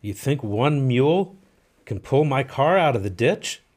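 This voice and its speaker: A man telling a story plays a polite, bewildered salesman asking for help, in an ordinary middle-pitched voice, barely set apart from the teller's own. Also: expressive, unhurried, darkish tone. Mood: puzzled. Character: puzzled male travelling salesman.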